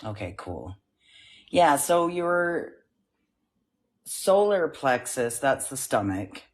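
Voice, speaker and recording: A man's voice: mid-range voice, sing-song, slow. A man calling in to give an energy reading, hesitant, full of ums and likes, a little out of breath. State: slightly out of breath. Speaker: caller, self-described psychic. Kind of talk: casual call-in reading.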